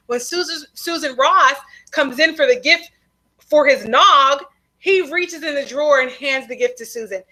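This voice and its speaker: A woman co-hosting a recap show, her voice high and bright. She retells each scene with animated, playful storytelling and chatty asides. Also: poor audio. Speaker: podcast co-host. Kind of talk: TV episode recap chat.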